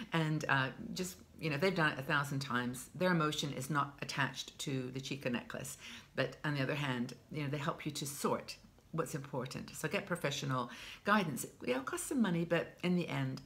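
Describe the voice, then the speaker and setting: A woman in her sixties with a low voice and a gravelly touch of fry, talking straight to camera as a vlog host. She is chatty and heartfelt, often starting a phrase over as she goes. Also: fairly bright tone. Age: 60s. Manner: chatty and heartfelt, with frequent restarts. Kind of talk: casual advice talk to camera.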